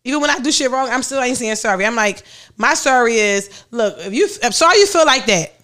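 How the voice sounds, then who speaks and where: A young woman hosting a casual podcast, telling animated stories and acting out quotes between laughs. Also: fairly high pitch, fairly quick. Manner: animated storytelling, acts out quotes, laughs often. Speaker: podcast host.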